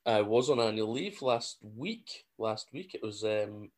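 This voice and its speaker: A man's voice: lowish voice, animated, unhurried, a little mellow. Joking man on a podcast. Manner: joking banter, laughs easily. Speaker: podcast co-host. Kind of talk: casual chat.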